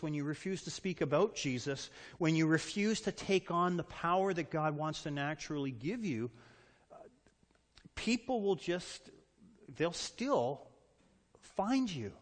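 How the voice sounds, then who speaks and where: A man's voice: a little high, animated. Male pastor, sermon delivery with acted-out quotes; reverberant sanctuary. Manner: preaching with dramatic pauses and acted-out quotes.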